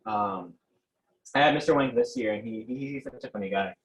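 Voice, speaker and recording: A teenage protest organizer of Mexican heritage is interviewed over poor audio, his mid-range voice swinging hugely in pitch, a little fast, with vocal fry. He recounts events casually but hesitantly, full of fillers and restarts, and laughs often.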